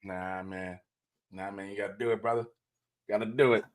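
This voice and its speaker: A man hosting a casual livestream talk show, an animated storyteller who acts out quoted dialogue. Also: lowish voice, moderate pace. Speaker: host.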